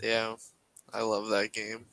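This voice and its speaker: Laid-back man with a gravelly low voice. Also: completely flat delivery, takes it slowly, a bit bright, no echo. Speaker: podcast co-host. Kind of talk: casual chat.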